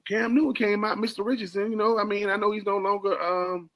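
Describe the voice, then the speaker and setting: A man's voice: high-pitched, little pitch movement, brisk, fairly bright tone. A man co-hosting a sports radio show, giving emphatic analysis, repeating words for stress and talking straight to his partner. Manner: talks straight to his co-host.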